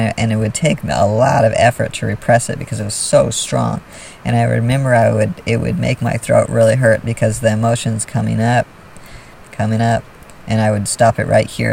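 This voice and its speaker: A man talking casually to camera about his feelings and self-help, soft and earnest in a confiding way. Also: fairly low pitch, vocal fry, far from the mic, slight background noise, low-quality recording. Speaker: vlogger.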